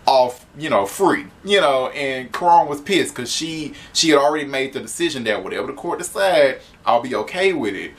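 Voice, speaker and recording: A man's voice: mid-range voice, fairly bright tone. Man with a mid-range voice doing a loose, chatty comic review, laughs a lot, swears freely. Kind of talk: casual spoken review.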